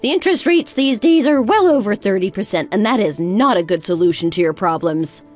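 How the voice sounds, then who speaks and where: A woman's voice: mid-range voice, lively intonation, brisk, darkish tone, faint music behind, natural voice. A woman voicing a bossy, harsh older mother-in-law who talks in a sarcastic, cutting way. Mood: scornful. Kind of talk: narrated text-story drama.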